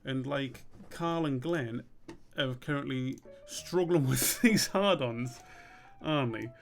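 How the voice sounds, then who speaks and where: A man chats casually as he works on a cartoon, thinking out loud in a relaxed, musing way. His speech is easygoing and sweary. Faint music runs quietly in the background. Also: mid-range voice, slow pace. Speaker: streamer and cartoon maker. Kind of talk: casual commentary while drawing.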